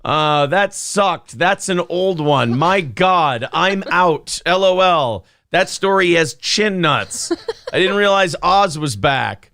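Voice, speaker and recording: A man in his forties hosting a casual morning show, telling a long deadpan joke full of fillers and reading out chat comments. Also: on the high side, takes it slowly, no room sound.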